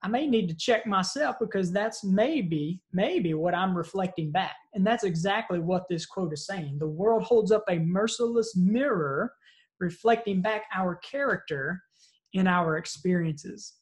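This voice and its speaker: A man's voice: high-pitched, measured pace. Earnest male leadership instructor. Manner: earnest, storytelling, asks 'right?' often. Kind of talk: motivational seminar talk. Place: online virtual seminar.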